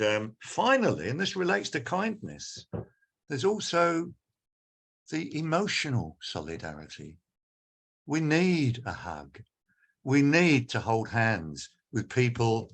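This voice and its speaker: Guy on a panel talking all fired up, lots of ums and restarts, husky voice that jumps around. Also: on the low side. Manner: passionate, animated, many fillers and restarts. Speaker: panel speaker. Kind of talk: conference panel remarks.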